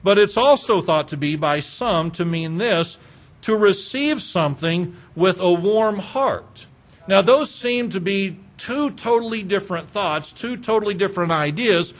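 A man preaching a sermon, earnest and pleading, asking his congregation questions and slowing down for emphasis. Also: high voice, expressive. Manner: talks directly to congregation with rhetorical questions. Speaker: pastor.

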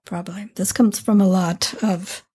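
Very breathy woman with dry asides. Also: medium pitch, fairly even intonation, normal speed, warm tone. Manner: dry, teasing asides, short replies. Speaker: wine show co-host. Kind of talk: casual wine tasting chat.

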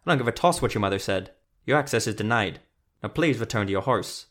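A man voicing a stern male dwarven border guard who barks curt, loud orders. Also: fairly low pitch, animated, quick pace.

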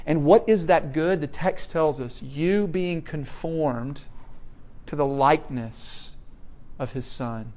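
Speaking slowly in a slightly high voice, a preacher gives a conversational sermon. He asks the congregation questions and shifts from soft to loud.

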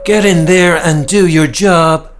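A man's voice: fairly high pitch, normal speed, faint music behind, pitched above the performer's own voice, lightly acted. A man playing an imperious slayer boss. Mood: commanding. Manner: imperious, scornful, barking orders. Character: haughty ruthless businesswoman, demon slayer boss.

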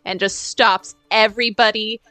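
Bright-voiced woman playing a tabletop game. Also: mid-range voice, moderate pace, dry recording, soft background music, rough recording. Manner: dramatic, animated narration of her character. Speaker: player.

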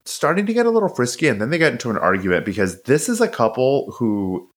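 A man co-hosting a podcast, recapping a show in casual chat, swearing freely and acting out the characters' lines. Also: fast. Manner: animated, profane, acts out quotes in high voices. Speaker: podcast co-host.

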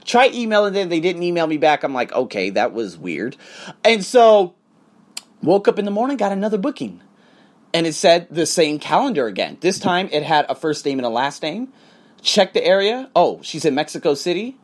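Profane, punchy man telling stories. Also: normal speed. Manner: animated storytelling with acted-out quotes; profane and punchy, repeats "boom". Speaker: English tutor and podcaster. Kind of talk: casual vlog monologue.

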